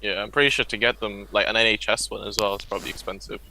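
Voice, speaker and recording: A man's voice: on the low side, flat delivery, fast talker, bright, forceful tone, a little hiss or hum, rough recording. A man co-hosting a live trading stream, teasing and laid-back in casual banter.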